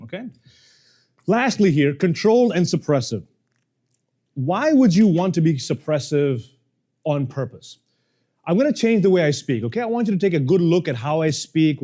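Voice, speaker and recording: Animated man coaching a live workshop. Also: a little high. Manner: animated, playful, jokes with audience. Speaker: communication coach. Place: seminar room with audience.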